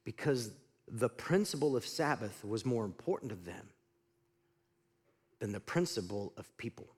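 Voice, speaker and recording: Husky, animated male preacher. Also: lowish voice, moderate pace, in a large hall. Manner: animated preaching with sudden drops to quiet; conversational, asks the congregation questions. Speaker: pastor. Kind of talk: sermon.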